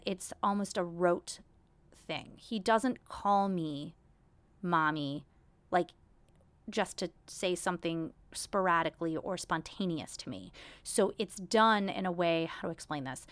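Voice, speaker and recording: A woman's voice: on the low side, a bit bright, no room sound. A woman in her thirties hosting a casual solo podcast, talking candidly in a chatty, self-deprecating way. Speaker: podcast host.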